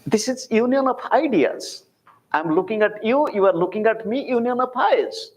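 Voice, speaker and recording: A man in his sixties with an Indian accent, giving a public spiritual talk as a teacher, speaking deliberately with repeated phrases and rhetorical questions. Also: very high voice, animated, poor audio. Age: 60s.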